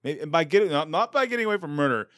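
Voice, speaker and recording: A man in his thirties hosting a podcast, chatting casually with quick self-deprecating jokes. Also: fairly high pitch, dry recording, clean studio sound. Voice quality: animated, jokey, self-deprecating. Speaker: podcast host. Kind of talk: casual chat.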